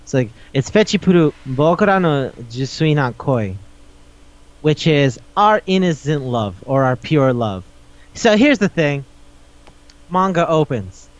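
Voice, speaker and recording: A podcast host with a fairly high, very animated voice rambles through a recap in casual chat, swearing often and laughing as he goes. He speaks a little slowly, and the recording is muffled.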